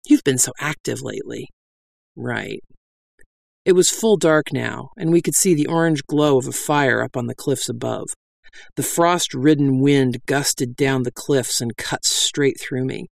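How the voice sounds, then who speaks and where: Gravelly voice, wry fantasy narration, dry close sound. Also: mid-range voice, unhurried, dry recording. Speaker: audiobook narrator. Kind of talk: storytelling narration.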